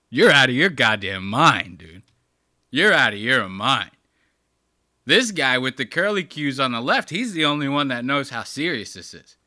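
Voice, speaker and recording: Crude, animated male commentator. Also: mid-range voice, normal speed, no room sound, clean studio sound. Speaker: host. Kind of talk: casual video commentary.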